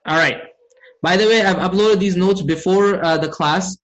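A man with a high-pitched voice teaches Arabic grammar in an online class. He keeps checking in with his students through questions and recites verses at speed. He speaks into a computer mic while sharing his screen. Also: moderate pace, fairly bright tone, highs cut off. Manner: engages students with frequent questions.

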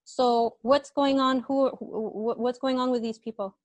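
A woman teaches an online grammar class with a fairly high voice. She quizzes her students patiently, repeating questions and answers back to them. The sound is dry, with little room around it. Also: steady tone, measured pace, no room sound.

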